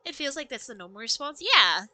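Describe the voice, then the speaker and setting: A woman streaming a game live, chatting with her viewers in an animated way. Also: high-pitched, normal speed, no room sound.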